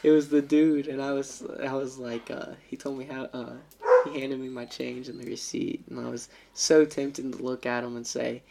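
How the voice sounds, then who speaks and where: A man's voice: mid-range voice, normal speed, vocal fry. A man on a casual podcast, animatedly telling stories and putting on voices. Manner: animated storyteller, puts on voices for prank calls. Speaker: podcast co-host. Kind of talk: casual storytelling chat. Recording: noisy lo-fi home recording.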